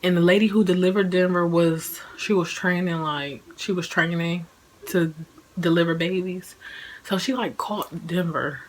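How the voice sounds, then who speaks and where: Low-quality audio captures a woman in her twenties casually telling a personal story on her vlog. Her pitch is fairly low, her tone steady and her pace measured. She says "like" often and laughs along the way.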